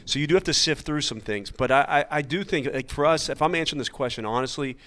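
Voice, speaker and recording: A man coaching baseball, talking on a coaches' panel in a halting, searching way, often repeating words. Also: fairly high pitch, a bit bright. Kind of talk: casual panel chat.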